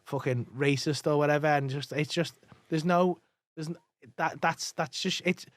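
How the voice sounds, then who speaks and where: A man's voice: fairly high pitch, dry recording. A man, a comedian telling swearing-filled anecdotes in casual podcast chat, acting out what people said. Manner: swears freely, fast animated anecdotes with acted-out quotes. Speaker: comedian guest.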